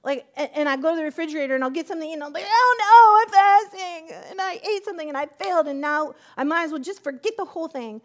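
A woman giving a personal testimony in church, acting out both sides of her conversations with God and laughing at herself often. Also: sits high.

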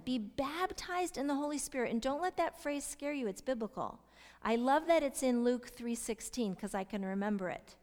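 A middle-aged woman teaching a Bible study, asking her listeners questions and sometimes dropping into soft whispers to stress a point. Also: fairly high pitch. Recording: long hall reverb.

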